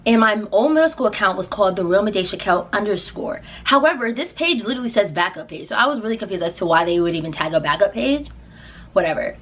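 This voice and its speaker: Young woman, casual storytime vlog, animated, acts out quotes, slightly high voice. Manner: animated, acts out her own quotes with big pitch jumps. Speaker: singer and vlogger.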